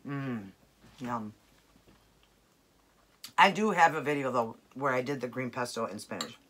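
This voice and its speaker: A woman's voice: rumbling low, lively intonation, fast talker, a bit bright, a little hiss or hum. A woman chatting casually and enthusiastically to camera about a home-cooked meal, tasting it as she talks. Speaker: keto cooking vlogger. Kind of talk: casual cooking chat to camera.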